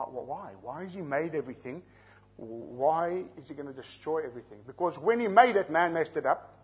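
South african preacher guy, bit high and husky, going through bible verses and explaining words. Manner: teaching, explains terms, asks the listeners questions. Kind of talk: expository sermon.

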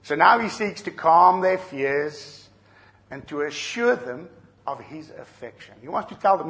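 A middle-aged preacher with a somewhat high voice delivers an earnest sermon. He swings from soft, low asides to loud, urgent calls, and his pitch moves widely across each point. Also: expressive, measured pace. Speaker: pastor.

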